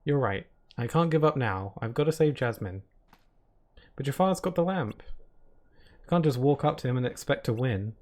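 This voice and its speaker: An actor voicing a determined young hero in a game cutscene, speaking in an earnest, resolute way. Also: male voice, mid-range voice, expressive, moderate pace, long pauses, a little mellow, natural voice.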